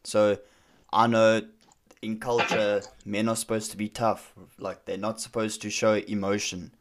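A man's voice: on the low side, level tone, a little slow, background noise. A young man in casual conversation, telling a story with frequent fillers and restarts. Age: young adult.

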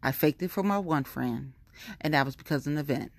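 A woman rants in a heated, profane monologue, circling back to the same complaints again and again. Her voice sits low, and it is recorded close and dry with no room sound around it. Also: brisk, dry recording. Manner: profane, heated, repetitive venting. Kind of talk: casual ranting monologue.

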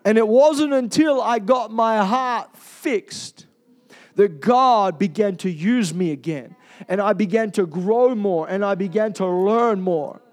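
Male preacher, high voice, emphatic and confessional, piles up rhetorical questions. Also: slow. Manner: confessional storytelling. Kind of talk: sermon.

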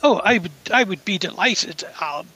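A man's voice: high voice, expressive, moderate pace, pushed and bright, full character voice, low-quality recording. A man voicing a gushing, self-important female scientist who plays hostess and then brushes guests off. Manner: effusive, then brushes people off.

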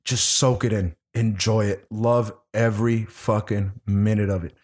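A man's voice: on the low side, unhurried. A man talking casually about a movie, swearing and laughing as he tells the plot. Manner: animated, profane, laughing storyteller. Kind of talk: casual movie review chat.

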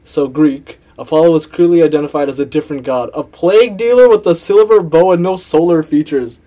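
A young man chatting casually on a podcast, teasing his co-host and laughing as he goes. His voice sits a little high yet sounds mellow and warm. He trips over words when reading aloud. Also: fairly quick. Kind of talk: casual chat.

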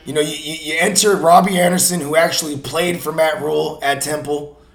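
Gravelly, animated man in an echoey room. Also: a little high, brisk. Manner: animated, slangy, swears, talks himself up into bits. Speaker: podcast host. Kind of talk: casual sports podcast chat.

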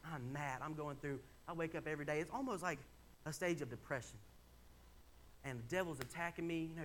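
A man's voice: on the high side, a little fast, fairly bright tone, a little hiss or hum. A young man preaching in a church, telling a personal story in a candid, conversational way and building to emphatic points. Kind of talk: sermon. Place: church sanctuary.

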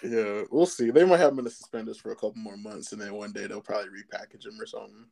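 A man's voice: on the low side, quick pace, gravelly, warm tone. A man co-hosting a podcast in casual chat, laid-back and agreeable, often laughing. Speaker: podcast co-host.

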